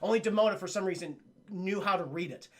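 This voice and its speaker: A young man casually retelling a cartoon episode to his live chat, animated and profane, jumping up and down in pitch when he quotes the characters. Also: quick pace. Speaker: cartoon reviewer streaming to chat.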